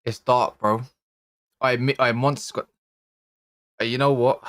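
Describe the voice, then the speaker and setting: A man's voice: medium pitch, steady tone, measured pace, a bit bright, no room sound, studio quality. Exasperated slangy man. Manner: exasperated, slangy, swearing, rising to frantic outbursts. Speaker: football channel host. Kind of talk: live-streamed fan reaction. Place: indoor room.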